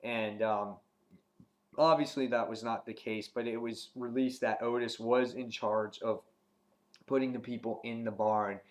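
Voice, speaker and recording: A man giving a casual spoken review of a TV episode, rambling with many ums and restarts, and getting animated when he retells scenes. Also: mid-range voice, a little slow. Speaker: TV show reviewer.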